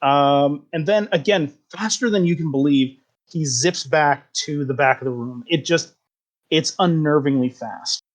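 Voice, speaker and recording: Relaxed man narrating as game master. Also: fairly high pitch, a little slow. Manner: loose, filler-heavy narration.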